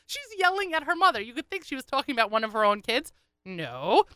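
Brief: animated woman storyteller, radio host, crisp and bright, dry mic. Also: on the high side, fast, no room sound. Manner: animated, chatty, laughing asides. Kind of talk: comic storytelling.

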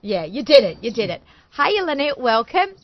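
A woman's voice: a little high, big pitch swings, a little fast, dull audio, a little hiss or hum. A woman hosting a studio talk show, chatty and bubbly, often talking over her guests. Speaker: host.

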